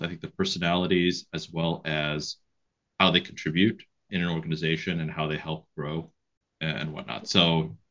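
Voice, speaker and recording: Podcast host guy, really low voice, laid back, a bit muffled. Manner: relaxed, thinking aloud, recommending books. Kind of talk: casual interview chat.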